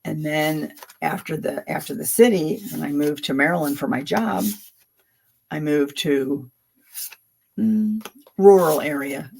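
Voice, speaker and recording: Gravelly, husky woman in her seventies. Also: sits low, unhurried, long pauses, a little mellow. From Philadelphia, USA. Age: 70s. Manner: chatty, rambling, laughs often. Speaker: tarot reader hosting a livestream. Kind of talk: casual livestream chat.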